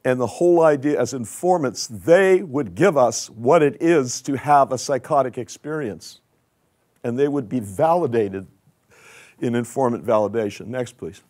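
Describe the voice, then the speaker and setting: A man's voice: medium pitch, normal speed, darkish tone. Older man lecturing with slides. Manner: conversational, asks audience questions. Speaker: conference speaker.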